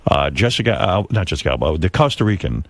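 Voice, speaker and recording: A man's voice: low voice, very animated, quick pace. A male radio host in casual studio chat, asking blunt, prying questions and laughing often.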